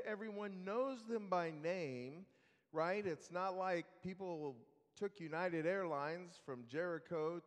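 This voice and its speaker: Slow-talking male preacher in a reverberant hall. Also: high voice. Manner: conversational storytelling. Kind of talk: sermon.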